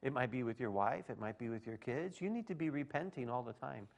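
A middle-aged man preaching a sermon, emphatic, dropping to quiet asides and rising to shouts. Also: medium pitch, brisk, creaky. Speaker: pastor.

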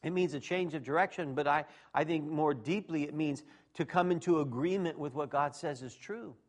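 Middle-aged male pastor, high voice, emphatic sermon delivery with sudden loud peaks. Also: normal speed. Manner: emphatic, swings from quiet asides to shouting.

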